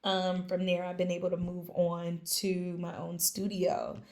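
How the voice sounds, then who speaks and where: A young woman in casual podcast chat, telling a lively story, acting out quoted lines and laughing often. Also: lowish voice, a little slow. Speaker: podcast guest, small business founder.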